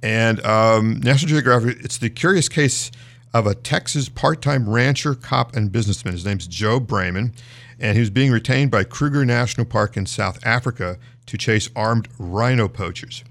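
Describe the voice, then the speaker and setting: A man's voice: mid-range voice, moderate pace, vocal fry, fairly bright tone. A man hosting a news show, reading stories aloud in a casual, conversational way with frequent fillers and restarts.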